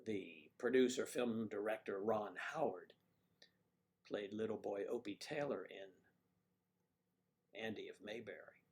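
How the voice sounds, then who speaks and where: A man's voice: lowish voice, a little slow, pauses often, darkish tone. A man hosting a casual livestream who rambles in a folksy way and answers viewer comments. He is from the Mid-Atlantic United States and speaks with no marked accent. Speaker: livestream host.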